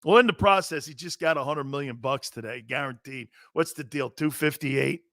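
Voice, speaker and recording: A brash male sports talk host fires off rhetorical questions in a slangy, opinionated monologue. His voice sits high and comes out bright and forceful. The sound is dry and close, with little room around it. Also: moderate pace, no echo.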